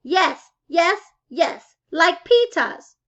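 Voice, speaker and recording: A woman's voice: big pitch swings, extremely slow, a bit bright, highs cut off, full character voice. A woman reading aloud, voicing a little boy throwing a tantrum who hollers and refuses. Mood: insistent. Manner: shrill, hollering. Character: screaming toddler boy in a tantrum.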